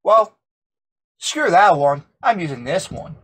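A man's voice: high-pitched, big pitch swings, slow, a bit bright. Giggly teen guy on a gaming call. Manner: giggly, joking, playful. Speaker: vlogger on a call. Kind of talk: casual gaming call chat.

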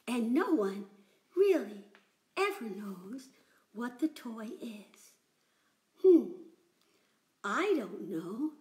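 A woman teaching children's music in a live-streamed sing-along, animated and chatty, greeting viewers by name. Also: on the high side, drawn-out words, pauses often, echoey room.

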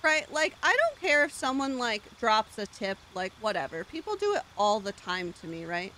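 Blunt, wisecracking woman streamer, fairly high and animated, over game music. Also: normal speed, slight background noise. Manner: blunt, joking, crude. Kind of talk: casual gameplay commentary.

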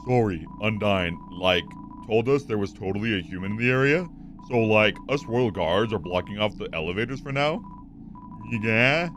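A man voicing a dim, laid-back male monster guard in a game, speaking in a slow drawl. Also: on the low side, animated, noisy background, voice pushed down, natural voice. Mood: apologetic.

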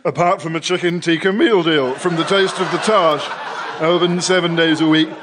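A man's voice: on the high side, steady tone, moderate pace, crowd noise, noisy background, lightly acted. An actor with a British accent playing a hapless male teacher who hesitates, mumbles and ad-libs through a school play. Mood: grumpy. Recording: studio audience laughter behind. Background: live audience laughter.

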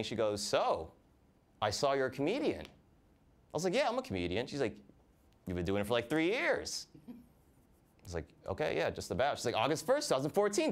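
Deadpan young male stand-up comic. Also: medium pitch. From New Jersey. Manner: deadpan, lively mimicry of family voices. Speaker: stand-up comedian. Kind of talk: stand-up set. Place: comedy club stage. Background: audience laughter.

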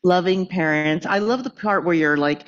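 A woman's voice: on the low side, moderate pace, highs cut off. A woman moderating a book talk, relaying comments in a friendly, conversational way and inviting audience questions.

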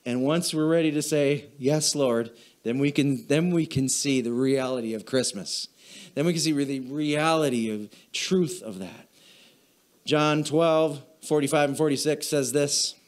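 A man preaching a church sermon as pastor, who repeats short phrases in a steady cadence, asks the congregation for an "amen", and gets emotional while reading. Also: a little high, unhurried. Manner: repetitive preaching cadence, call and response. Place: church sanctuary.

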